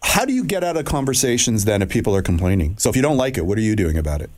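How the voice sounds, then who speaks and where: A man's voice: on the low side, very animated, very fast, a little mellow. A man hosting a talk show, interviewing a guest in casual banter with a jokey, self-mocking manner. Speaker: radio show host.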